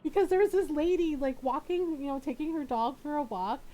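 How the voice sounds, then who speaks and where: A woman with a high voice tells a story on her game stream. She rambles along casually, looping back with lots of fillers. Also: fairly quick, warm tone, poor audio. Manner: rambling, chatty, full of fillers.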